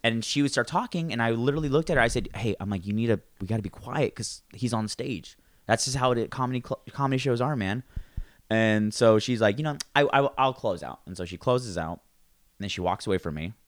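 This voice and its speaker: A stand-up comedian with a mid-range voice chats casually at a brisk pace. As he tells a story, he acts out the quoted voices.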